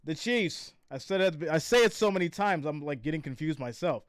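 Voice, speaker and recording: Man, slightly high voice, dry close sound, tired, chatty play-by-play, reads out chat. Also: quick pace, few pauses, smooth, no room sound. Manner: reads viewer comments aloud, chatty, laughs often. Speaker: live stream host doing play-by-play. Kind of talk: casual live play-by-play and chat reading.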